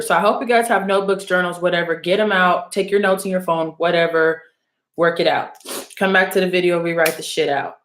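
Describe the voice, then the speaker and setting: In an echoey room, a spiritual reader rambles casually to her viewers, teasing, cursing and bluntly calling them out. Her voice is lowish with a fairly bright tone.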